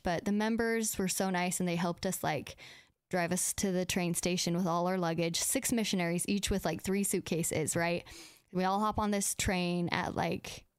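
A young woman tells personal stories in a relaxed, chatty way, scattering "like" through her sentences. Her voice is smooth and clear, with a mid-range pitch. The recording is dry and close, with no room sound. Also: moderate pace, dry recording. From United States. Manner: chatty, fills speech with "like", acts out quoted dialogue. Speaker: podcast host. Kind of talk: casual personal storytelling.

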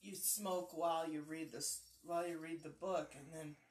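A woman chats casually, dropping in short questions and side comments. Her voice sits a little low. She sounds distant from the mic, in a room with a lot of echo. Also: fairly even intonation, moderate pace, a little mellow. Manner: chiming in with short questions and asides. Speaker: conversation partner. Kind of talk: casual chat.

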